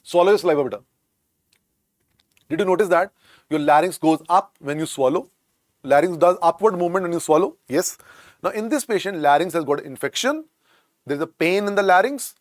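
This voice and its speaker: The lecturer, an Indian man teaching for a medical exam, has a high-pitched, expressive voice and speaks fairly quickly, with long pauses. The studio-quality audio has no echo, and he drills terms repeatedly, mixing Hindi and calling students "beta."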